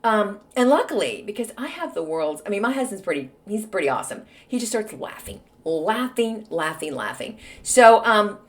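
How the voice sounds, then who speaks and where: Snarky woman host in her forties, animated storyteller whose pitch moves a lot. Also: moderate pace, few pauses. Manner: snarky, animated, acts out quoted voices. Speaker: podcast host. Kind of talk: casual storytelling monologue.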